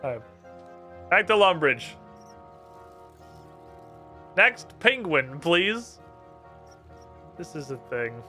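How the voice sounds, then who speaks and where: A male streamer giving excitable, profane commentary while playing and reading game text aloud. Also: a little high, extremely slow, pauses often, soft background music. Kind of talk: casual gaming commentary.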